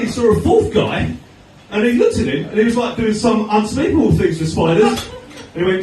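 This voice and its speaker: Australian stand-up comic, echoey and distant. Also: male voice, sits high, fast. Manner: chatty storytelling with deadpan punchlines. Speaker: stand-up comedian. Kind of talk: stand-up comedy set. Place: comedy venue stage with audience laughter. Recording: echoey room from far off, noisy.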